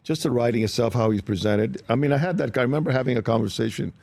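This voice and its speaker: A man's voice: medium pitch, very fast, vocal fry, no echo. An older male actor, a guest on a studio talk show, telling stories and acting out the voices of the people in them. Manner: animated anecdotes, acts out quoted voices. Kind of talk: interview storytelling.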